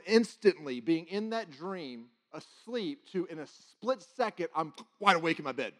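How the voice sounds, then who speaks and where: Animated man telling a sermon story. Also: a little high, moderate pace, few pauses. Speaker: guest preacher.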